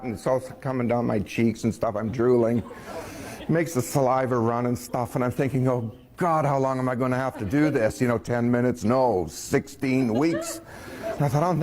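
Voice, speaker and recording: A man telling a personal story in a folksy way, chuckling and acting out what others said. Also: mid-range voice. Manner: folksy, chuckling, quoting others in lively voices.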